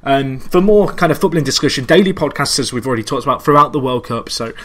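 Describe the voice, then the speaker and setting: Brief: male podcast host, mid-pitched, measured, hedging delivery. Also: a bit bright. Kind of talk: casual football chat.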